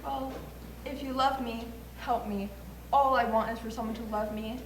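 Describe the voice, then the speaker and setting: A woman's voice: a little high, steady tone, normal speed, a little hiss or hum, lightly acted. A young woman in a school play, acting a scared bride who begs her father not to make her marry. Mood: pleading, frightened. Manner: pleading, rising stage emotion. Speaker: student actor in a school play. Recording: distant stage voice in echoey hall.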